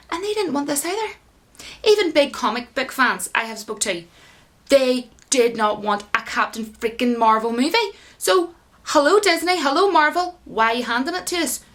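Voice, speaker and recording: A woman gives an indignant vlog rant, her high voice full of animated outrage. She talks straight to her viewers and keeps piling up complaints. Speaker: YouTube commentator. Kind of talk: ranting vlog commentary.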